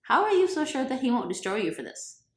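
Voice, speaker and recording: A woman's voice: fairly high pitch, fast talker, pitched above the performer's own voice. A woman doing a breezy, unafraid prophet. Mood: challenging. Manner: breezy, relaxed. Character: confident easygoing male prophet, calm and unafraid. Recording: roomy echo.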